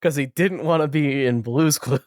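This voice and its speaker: A man's voice: fairly high pitch, normal speed, darkish tone, dry recording, clean studio sound. A man co-hosting a casual podcast, jokey and opinionated in his banter. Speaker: podcast co-host.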